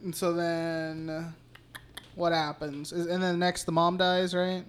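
A man's voice: on the high side, monotone, unhurried, clean tone. A man co-hosting a podcast, retelling a horror movie plot in a rambling, profane, casual way. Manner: rambling, profane, laughing recap. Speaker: podcast co-host. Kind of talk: casual movie recap chat.

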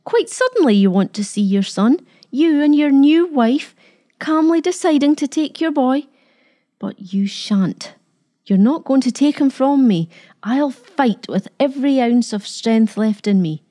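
A proud elderly grandmother, put on by a woman reading a storybook, clinging to her grandson. Her voice sits higher and more strained than the narration, defiant and quavering. It keeps a warm, mellow tone underneath. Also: animated, measured pace. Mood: bitter. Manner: defiant, pleading, trembling. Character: proud, fiercely loving old grandmother.

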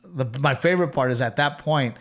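Texan man telling animated stories. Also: a little high, fairly quick. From Texas. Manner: animated storyteller, laughs through his lines, acts out quoted people. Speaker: podcast co-host. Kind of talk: casual storytelling chat.

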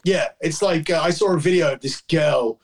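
A man's voice: fairly high pitch, normal speed. Man, forties, casual podcast chat, rambling, lots of fillers. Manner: rambling storytelling, many fillers and restarts. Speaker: guest fan.

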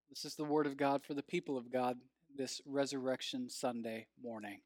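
A man preaching as pastor, reading scripture in a measured, earnest way and telling a story, his phrase ends falling soft. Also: mid-range voice, fairly even intonation, dry recording, clean studio sound.

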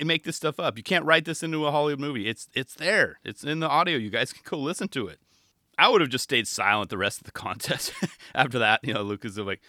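With a lower, sharp-toned voice, this man chats in a casual monologue about skateboard commentary, mimicking fellow commentators and laughing a lot. He hosts a skateboarding podcast and commentates contests, and the studio-quality recording is dry.

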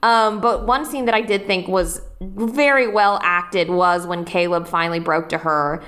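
With a lowish, steady voice that's a bit bright, this young co-host talks at an unhurried pace on a casual rewatch podcast. She giggles, hesitates and often starts her sentences over.

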